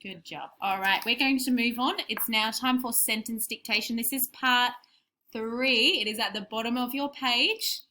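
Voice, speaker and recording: A woman explaining a spelling lesson to small children, sounding out words clearly. Her voice is bright and fairly high, with a faint noise underneath. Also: normal speed. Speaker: primary school teacher.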